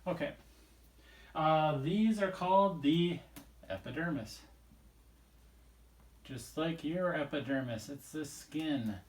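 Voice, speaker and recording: A man's voice: a little high, slow pace, long pauses. A man teaching a recorded biology lesson, explaining casually and rambling a little as he draws and talks through the page. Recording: echoey room.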